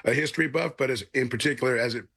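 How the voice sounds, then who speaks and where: A man's voice: mid-range voice, rapid-fire, a bit bright, slightly rough, dry recording, clean studio sound. A middle-aged man from Los Angeles, a guest talking earnestly in a casual interview, rambling with many restarts and fillers. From Los Angeles, California. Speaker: guest, museum owner.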